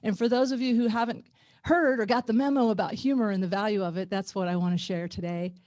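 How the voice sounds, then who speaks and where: A woman's voice: medium pitch, fairly even intonation, fast, darkish tone, dry recording. A middle-aged woman with an Ozark twang doing self-mocking stand-up comedy over a video call from her garage studio, laughing often. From Ozarks, USA. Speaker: comedian and former nurse.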